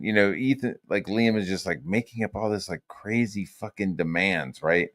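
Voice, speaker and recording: A man streaming casual commentary, rambling and profane, swinging between loud rants and low mutters. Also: animated, normal speed, few pauses.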